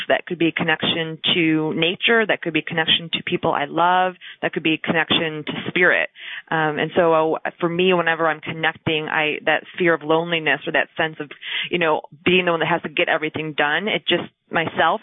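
A woman guest author speaking in a warm, reflective way, with some ums. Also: deep voice, dry recording. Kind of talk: casual conversation. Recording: phone-like dry sound.

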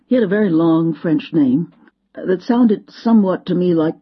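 Woman doing a motivational story talk, husky voice, dramatic delivery, muffled lo-fi sound. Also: on the low side, moderate pace. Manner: expressive, dramatic, acts out quotes. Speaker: speaker. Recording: dull lo-fi sound.

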